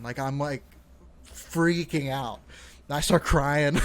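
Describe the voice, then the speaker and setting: This young man co-hosts a casual podcast, spinning a rambling tale packed with "like," other fillers, and plenty of cursing. His mid-range voice is steady, unhurried, and clean.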